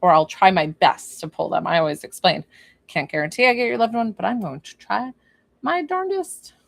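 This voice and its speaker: A woman's voice: mid-range voice, lively intonation, normal speed, creaky, no echo. Chatty woman doing a spirit reading. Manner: chatty and informal, thinking aloud with many fillers; bursts into laughter. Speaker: psychic medium.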